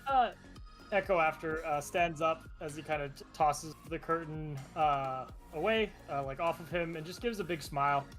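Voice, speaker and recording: A man's voice: a little high, normal speed, fairly bright tone, faint music behind. A man playing his character in a tabletop role-playing game, describing actions in a casual, hesitant way. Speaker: player.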